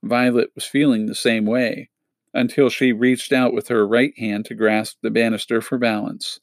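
A man reading a children's novel aloud in a steady, measured storytelling manner. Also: medium pitch, no echo. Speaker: audiobook reader.

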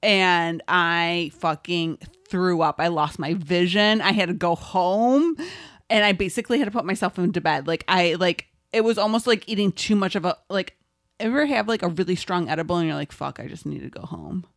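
A woman co-hosting a podcast in casual chat, expressive, swearing and laughing easily. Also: fairly low pitch, normal speed, dry recording, clean studio sound. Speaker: podcast co-host.

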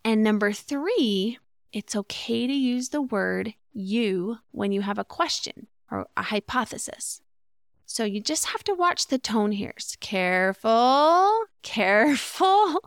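A woman hosts a relationship advice podcast, speaking earnestly and in a teaching manner. Her voice carries a gravelly edge yet stays smooth and resonant. The recording is dry and close, with no room sound. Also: mid-range voice, animated, measured pace, no echo. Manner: earnest, instructive, acts out example phrases. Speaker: podcast host.

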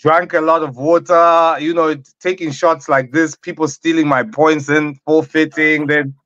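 A slightly high-voiced man chatting loosely with friends, rambling through a story with plenty of "you know" and "uh". The sound is dead dry and a little muffled. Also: normal speed, dry recording. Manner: relaxed, chatty storytelling with fillers. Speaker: podcast co-host. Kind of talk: casual banter.

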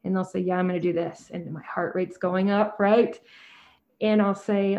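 A woman therapist in her forties talks steadily and earnestly about hard conversations. Her voice is mellow and warm. The sound is a little dull and lo-fi. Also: mid-range voice, moderate pace, faint music behind. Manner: calm, soft-spoken, quotes herself in dialogue. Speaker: therapist and guest.

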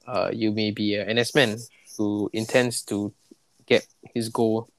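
A man's voice: lowish voice, level tone, a little slow, no room sound. A young man with a Singaporean accent co-hosting a casual podcast chat. He is laid-back and playful, and he talks in loose, restarting sentences. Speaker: podcast co-host.

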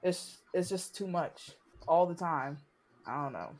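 A young woman, a student, speaking candidly in conversation, impassioned and halting, with frequent restarts. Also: on the low side, expressive, a little mellow. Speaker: student sharing experience.

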